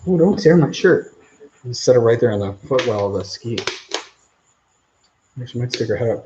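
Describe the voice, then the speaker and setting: A man's voice: medium pitch, animated, moderate pace, long pauses, dark tone, muffled recording, a little hiss or hum. A man hosting a live stream Q&A outdoors, rambling casually as he reads out viewer comments. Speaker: channel host.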